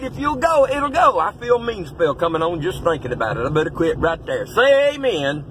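A middle-aged pastor talks with a high, sharp, ringing voice. He preaches bluntly and folksily, pushing up into shouts. A faint hum of traffic sits behind him. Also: sing-song, moderate pace, rough recording. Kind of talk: fiery preaching-style pep talk.

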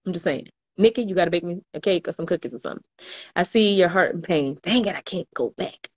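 A woman's voice: on the low side, fast talker, muffled recording. A woman, chatting casually on a livestream and reading viewer comments aloud with slangy laughter. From New Orleans, US. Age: 20s. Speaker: livestream host.

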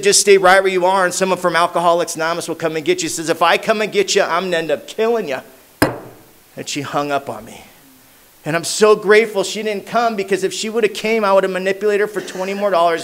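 A man with a Southern Californian accent telling his recovery story at a meeting in street slang, acting out the voices of people in it. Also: clean tone. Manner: street slang, lots of "man" and "you know what I mean"; acts out voices with big jumps in pitch and loudness. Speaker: AA meeting speaker.

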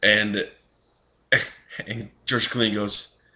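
Young guy rambling thru a movie review, kinda low voice but really bright and sharp. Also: little pitch movement, drawn-out words. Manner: rambling, many fillers and restarts. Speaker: film reviewer. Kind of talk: casual spoken film review.

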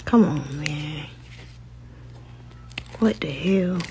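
A woman's voice: sits low, lively intonation, extremely slow, darkish tone, a little hiss or hum. A young woman talking frustrated to her viewers in a casual vlog. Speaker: vlogger.

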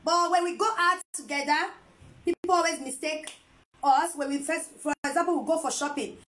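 A woman's voice: high voice, steady tone, normal speed, fairly bright tone, poor audio. A woman chatting casually to camera as a vlogger, playful and teasing, laughing often. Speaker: vlogger and mother.

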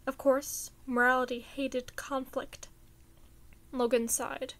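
A woman reading fan fiction aloud in a casual, chatty and expressive way. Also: high voice, moderate pace.

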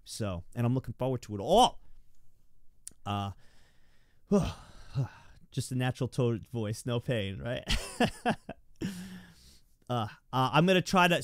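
A young man streaming from home rambles and stammers while thanking his viewers in live chat. His voice is medium-pitched, and the sound is studio quality with no echo.

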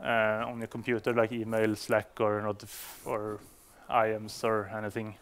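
A man's voice: fairly low pitch, completely flat delivery, normal speed, clean tone. A man giving a conference talk to developers, speaking English as a non-native speaker, with frequent fillers and restarts. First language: Swedish. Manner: hesitant, many fillers and restarts.

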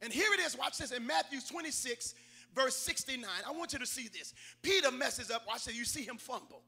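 A man preaching a sermon, calling on the congregation and rising to shouted climaxes. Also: extremely high pitch, lively intonation, fairly quick, creaky, husky. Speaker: pastor. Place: church sanctuary.

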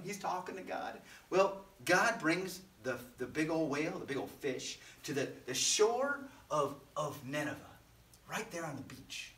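A man leading a children's service, telling a Bible story in a playful way with sound effects. His voice is bright, sits fairly high, and swings widely. The room echoes, and he is a bit distant from the mic. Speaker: children's pastor. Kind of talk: animated Bible storytelling for kids.

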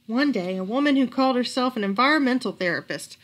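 A woman reading a picture book aloud at a library storytime, expressive and lively. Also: on the high side, fast.

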